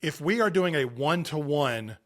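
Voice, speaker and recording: With an animated, rather high voice and a slightly slow pace, a late-thirties podcast guest discusses sports parenting. His stories and advice come across as earnest and emphatic, broken by frequent restarts.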